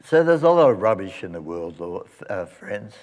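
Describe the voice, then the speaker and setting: A male pastor telling a story at the close of a sermon and leading a quiet prayer. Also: sits low, big pitch swings, moderate pace. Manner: storytelling, then soft reverent prayer.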